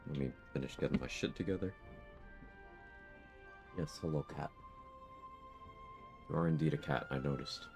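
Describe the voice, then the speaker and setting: A man's voice: very deep voice, normal speed, gravelly, pauses often, darkish tone, soft background music. A man streaming a game live, chatting casually with viewers in a groggy morning voice. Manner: laid-back, greets and answers chat.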